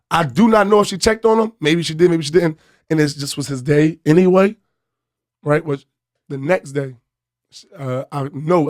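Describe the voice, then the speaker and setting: A man from Philadelphia, a comedian guest telling a story on a podcast in a lively way and acting out the voices of the people in it. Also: a little high, dry recording, studio quality. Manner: animated storyteller who acts out voices, bursts into loud laughter.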